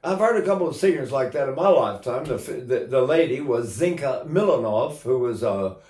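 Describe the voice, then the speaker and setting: A man's voice: medium pitch, expressive, fairly quick, a little mellow, echoey room. An older man teaching singing in a casual, rambling way, breaking into sung vowels to demonstrate.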